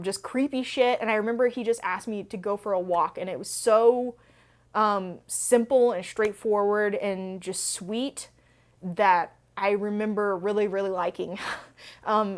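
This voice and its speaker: Young woman rambling casually on her book channel, lots of "like", mid pitch. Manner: chatty, filler-heavy, rambling. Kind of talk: casual Q&A storytelling.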